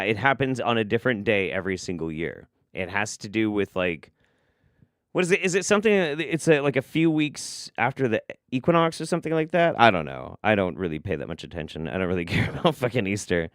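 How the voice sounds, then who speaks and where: A man's voice: on the low side, expressive, a little fast, fairly bright tone, dry recording, studio quality. A man hosting a live stream, reacting to clips with incredulous, profane, sarcastic commentary.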